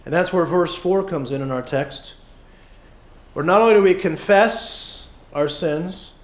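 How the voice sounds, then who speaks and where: High-voiced joking preacher, echoey church. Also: male voice, measured pace. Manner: conversational and joking, with many fillers and acted asides. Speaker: pastor. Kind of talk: sermon. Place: church sanctuary.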